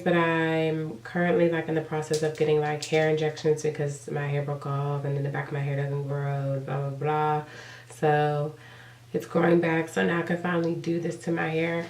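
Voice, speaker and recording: A young woman with a head cold, her voice congested and raspy, talks casually to her viewers with plenty of fillers. Her pitch sits low and barely moves. She sounds a little set back from the mic, with a roomy echo around her. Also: a little mellow, far from the mic. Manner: chatty, rambling, filler-heavy. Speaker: beauty vlogger. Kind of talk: casual chat.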